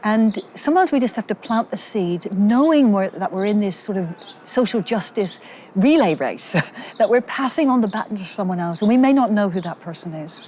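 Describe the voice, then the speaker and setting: A woman psychologist calmly explaining ideas in an interview. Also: medium pitch, moderate pace, a little hiss or hum. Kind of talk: interview answer.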